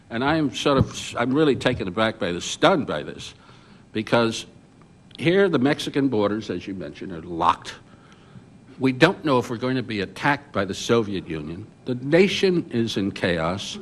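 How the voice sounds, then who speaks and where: An older man on a journalists' panel, recounting his reporting memories as an animated storyteller who often restarts his sentences. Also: medium pitch, normal speed. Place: conference hall.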